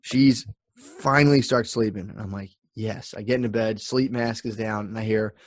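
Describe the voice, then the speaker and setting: A man, a comedian hosting a podcast, telling a profane, animated story in casual chat and acting out the people in it. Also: lowish voice, moderate pace, dry recording, clean studio sound.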